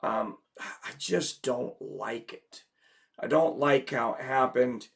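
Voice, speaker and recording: A man's voice: medium pitch, slow pace, creaky. A man who is sick and losing his voice, hosting a casual livestream and talking through viewer comments in a rambling way. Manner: rambling, filler-heavy. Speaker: livestream host.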